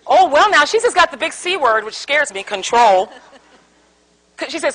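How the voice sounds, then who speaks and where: Woman seminar speaker, high and very expressive, animated storyteller who works the room with questions. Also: moderate pace, long pauses, rough recording. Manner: animated storyteller, acts out quotes, asks audience questions. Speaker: conflict resolution speaker. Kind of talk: interactive seminar talk. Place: seminar room with live audience.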